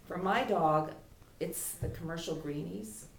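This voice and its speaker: A woman's voice: fairly low pitch, measured pace, vocal fry. A woman dog trainer teaching a puppy class in a chatty way, voicing the dog's thoughts. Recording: echoey room from far off, faint noise.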